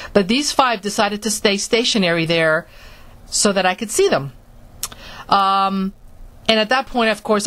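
A woman from Florida telling a personal story in a halting manner, with many restarts. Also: mid-range voice. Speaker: speaker recounting her experiences.

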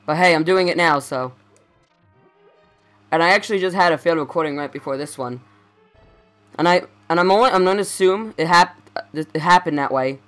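A man's voice: a little high, a little fast, pauses often, a bit bright, faint music behind. A young man giving casual let's play commentary, rambling and stammering as he corrects himself.

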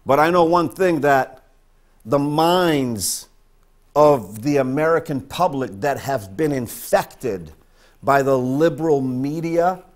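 A man's voice: medium pitch, animated, takes it slowly. A man from northern Maine preaching a sermon as pastor, emphatic and repeating his points for stress.

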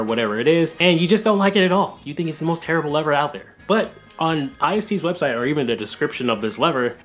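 Fast-talking man reviewing gear, slightly hoarse. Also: mid-range voice. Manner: detailed, hobbyist, dry jokes. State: recovering from a cold, voice cracking. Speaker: arcade stick reviewer. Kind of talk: casual product review.

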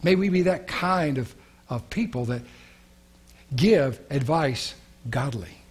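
A man's voice: a little high, a little mellow, slightly rough. A male pastor preaching a sermon, earnest and prayerful, repeating key phrases.

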